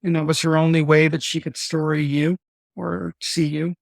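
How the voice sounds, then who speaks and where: A podcast host with a gravelly voice, asking questions gently and carefully. The sound is dry and close, with no room around it. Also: medium pitch, flat delivery, normal speed, dry recording. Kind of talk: interview questions.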